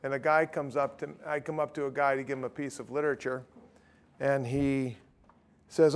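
A man's voice: medium pitch, fairly even intonation, moderate pace, long pauses. A middle-aged man preaching, telling a story conversationally and acting out both sides of a dialogue. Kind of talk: sermon with retold street-evangelism story.

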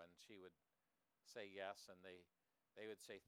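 A man's voice: lowish voice, little pitch movement, moderate pace, fairly bright tone, clear, resonant tone. A man preaching a sermon in an earnest way, often turning points into questions to his listeners. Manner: earnest, with rhetorical tag questions.

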